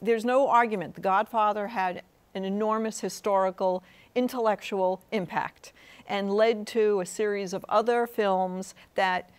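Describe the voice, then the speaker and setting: A woman's voice: mid-range voice, steady tone, measured pace, clear, resonant tone. A woman academic talking as a guest on a studio interview program. Her voice sits in the middle range. She argues her points earnestly and keeps asking "right?" to draw her listener in. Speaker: guest professor.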